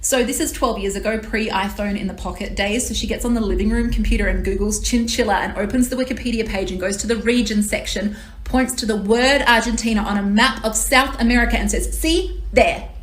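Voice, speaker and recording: A woman's voice: medium pitch, fairly quick. Exasperated Australian woman telling a story. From Western Australia. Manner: animated, exasperated. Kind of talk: casual storytelling. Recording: echoey room with faint noise.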